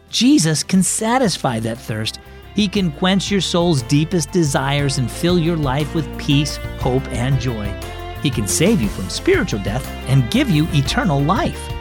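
A man hosting a children's devotional show, reading scripted narration and speaking encouragingly to young listeners. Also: fairly high pitch. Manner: warm, encouraging, addresses kids directly.

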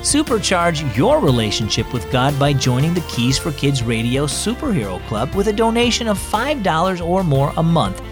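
A man's voice: on the high side, sing-song, moderate pace, few pauses, over music. A man hosting a children's devotional show, reading a story in a cheerful, upbeat scripted narration. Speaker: host.

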